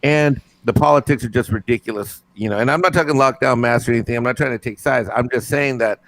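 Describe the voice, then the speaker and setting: A middle-aged man with a gravelly, creaky voice co-hosts a casual livestream. He reads viewer comments aloud and rambles from one joke to the next. His delivery is loose and full of quick asides. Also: medium pitch, a bit bright, dry recording, low-quality recording. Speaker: livestream co-host.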